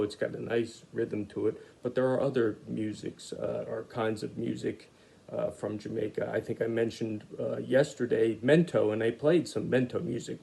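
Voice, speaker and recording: A man teaching an online art lesson to children, talking in a relaxed, chatty way with lots of fillers. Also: mid-range voice, gravelly. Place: home studio, hot room. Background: reggae music playing.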